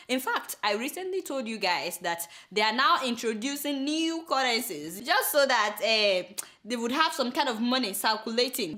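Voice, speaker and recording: A young woman with a Nigerian accent hosts a comic news show and talks straight to her viewers. Her voice sits a little high and sounds bright and forceful. She swings her pitch up and down constantly as she exclaims and chats. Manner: animated, exclamatory, chatty asides to viewers. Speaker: satirical news show host.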